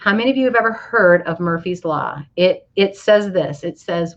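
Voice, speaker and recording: A woman with a mid-range voice hosts an upbeat motivational livestream from an indoor hotel or travel spot, speaking unhurriedly with the highs cut off. She talks straight to her viewers and enthusiastically greets them by name.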